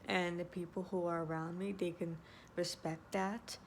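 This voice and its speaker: Earnest woman with a low voice. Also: little pitch movement, moderate pace, slight background noise. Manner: earnest, repeats herself, restarts sentences. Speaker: vlogger. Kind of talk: casual advice talk to camera.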